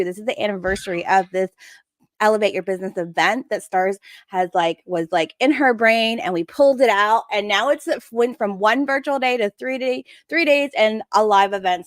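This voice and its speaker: A woman's voice: medium pitch, no room sound. A woman co-hosting a casual live stream, enthusiastically running through a lineup of speakers. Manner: enthusiastic, gushing. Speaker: co-host.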